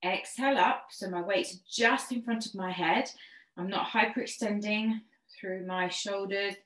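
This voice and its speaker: A woman's voice: medium pitch, steady tone, normal speed, fairly bright tone. A woman teaching a pilates class, cueing and counting each move in an encouraging way while slightly out of breath. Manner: encouraging, counts reps and gives step-by-step cues. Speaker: fitness instructor. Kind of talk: online pilates class instruction. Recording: echoey room.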